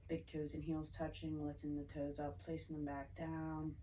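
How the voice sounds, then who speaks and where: A woman with a low voice leads a yoga class, calmly calling out each pose and breath. Her throat sounds a little choked up. She is picked up from across the room by a distant microphone, with a faint hiss behind her. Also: normal speed. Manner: calm, steady cueing of poses and breaths. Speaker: yoga instructor. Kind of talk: guided yoga class instruction.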